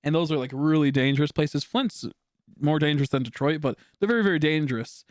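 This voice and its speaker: Man, streamer, casual rambling chat, swears a lot, slightly high voice, dry sound. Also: fast talker, dry recording. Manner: rambling, heavy on filler words, swears freely.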